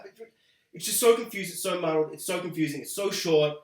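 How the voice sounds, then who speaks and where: A young man hosting a ranting video review, sarcastic and animated. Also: a little high, brisk. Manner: sarcastic, animated, mocking quoted voices. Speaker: host. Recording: echoey room.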